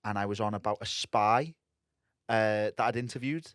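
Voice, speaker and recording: A man's voice: fairly low pitch, normal speed, a bit bright, smooth, dry recording, clean studio sound. A man guesting on a comedy podcast, telling a rambling story full of restarts. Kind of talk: casual comedy podcast anecdote.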